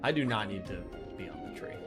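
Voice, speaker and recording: A man commentates his gameplay live, chatty and excitable as he thanks viewers and reacts to every hit. His voice has gone hoarse from hours of talking, and game music plays clearly behind him. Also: fairly low pitch, brisk. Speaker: game streamer.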